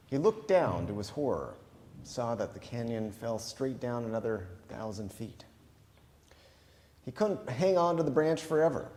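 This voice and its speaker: Male pastor, easygoing conversational preaching with fillers, mid-pitched, chapel reverb. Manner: relaxed, thinking aloud with fillers. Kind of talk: conversational sermon.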